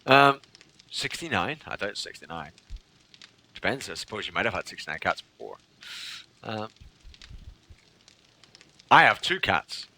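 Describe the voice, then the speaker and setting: Brief: male game streamer, casual chat, bright tone, lively intonation. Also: on the low side, unhurried, long pauses. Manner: reads chat aloud and thanks followers, joking.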